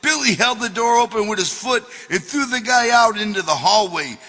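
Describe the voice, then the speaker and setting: A man's voice: high voice, lively intonation, normal speed, sharp tone, long reverb tail. A man reading his own memoir aloud as an audiobook, telling it in a profane, wisecracking way.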